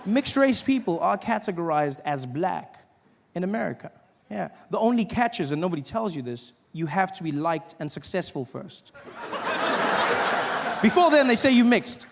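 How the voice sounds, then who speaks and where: A man's voice: high voice, background noise. A man performing stand-up, telling stories animatedly and slipping into voices. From South Africa. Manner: animated storytelling, does voices. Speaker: stand-up comedian. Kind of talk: stand-up comedy set. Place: stage in a large hall. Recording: reverberant hall, faint ambience.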